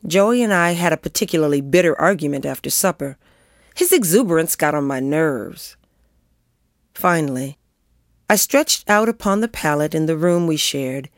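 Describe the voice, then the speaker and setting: Story narrator, female, lowish and very expressive, in a dry room. Reads with a shifting tone. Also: no room sound. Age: adult. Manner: lively, expressive reading. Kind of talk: reading a story aloud.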